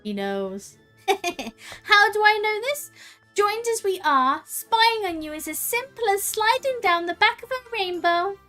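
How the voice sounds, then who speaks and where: A woman putting on a haughty fey spirit woman, theatrical and teasing. Her voice rides high and strong, with a drawn-out, unhurried flow full of mock grandeur. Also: sing-song, sharp tone, faint music behind, heavily acted.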